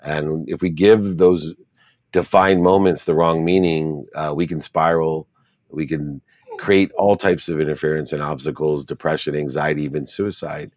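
Deep-voiced middle-aged man telling his story. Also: steady tone, normal speed, darkish tone, dry recording. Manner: earnest, builds lists of repeated phrases. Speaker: interview guest. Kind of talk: reflective storytelling in an interview.

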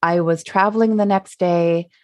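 Her lowish, slightly mellow voice stays steady at a moderate pace as she hosts her solo podcast. The middle-aged host carries a Minnesotan accent and keeps the talk casual and reflective, with fillers and soft chuckles.

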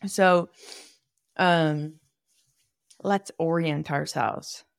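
Low-voiced woman explaining anatomy casually. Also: fairly even intonation, very slow, gravelly, no room sound, studio quality. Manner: chatty, thinking aloud with fillers and asides. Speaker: podcast host and manual therapist. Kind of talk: casual educational monologue.

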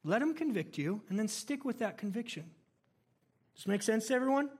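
High-voiced male pastor preaching conversationally. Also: brisk, slightly rough. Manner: conversational, animated storytelling with laughs. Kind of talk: sermon.

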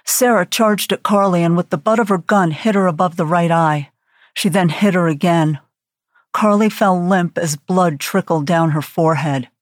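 Female audiobook narrator, steady dramatic thriller read, dry sound. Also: lowish voice, normal speed, dry recording.

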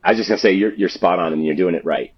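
A man's voice: low-pitched, racing, slightly rough, muffled recording. A man, a youth sports coach and author, giving earnest explanatory answers as an interview guest.

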